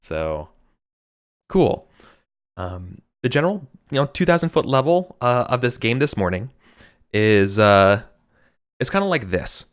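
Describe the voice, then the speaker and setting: A man's voice: mid-range voice, very animated, measured pace, pauses often, clean tone. An American man hosting a live tabletop game stream as game master, talking in a rambling, chatty way with frequent laughter.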